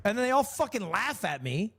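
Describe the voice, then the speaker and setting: High-voiced man streaming. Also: big pitch swings, normal speed, vocal fry, fairly bright tone, a little hiss or hum. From United States. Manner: rambling, self-mocking, laughs often. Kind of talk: casual stream chat.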